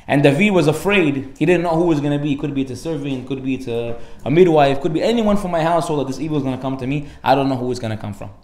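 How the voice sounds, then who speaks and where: A rabbi with a fairly high male voice gives a lively, informal Torah class at a fast clip in an echoey room. He's an animated storyteller who acts out characters with sudden loud outbursts, sprinkling Hebrew and Aramaic terms into his casual English.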